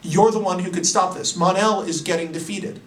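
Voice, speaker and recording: A man's voice: high-pitched, steady tone, moderate pace, fairly bright tone. A grim vigilante giving a stern, urgent ultimatum, as a man puts him on. Heard in a roomy space from a distance.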